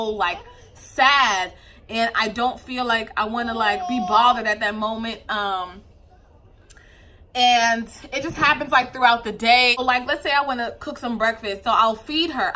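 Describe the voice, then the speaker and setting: Chatty bright-voiced young woman vlogger. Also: a little high, slight background noise. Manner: chatty, animated, loose with fillers. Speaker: mom vlogger. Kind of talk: casual chat to camera.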